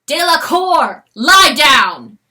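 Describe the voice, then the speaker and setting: A woman voicing a proud, imperious stag father who speaks in slow commanding calls. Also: fairly high pitch, sing-song.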